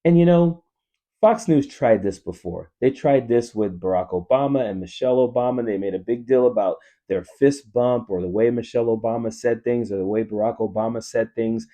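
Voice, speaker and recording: A man's voice: medium pitch, moderate pace, warm tone. A man in his fifties from Louisiana, a coach and teacher giving earnest, emphatic opinion commentary straight to his viewers. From New Orleans, Louisiana. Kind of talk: casual opinion commentary to camera.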